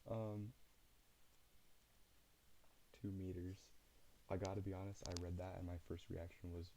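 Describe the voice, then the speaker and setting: A tired young man from Utah, streaming late at night and chatting casually with viewers in a relaxed, rambling way. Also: deep voice, measured pace, pauses often, slight background noise, rough recording. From Utah, USA. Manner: relaxed, rambling, laughs often.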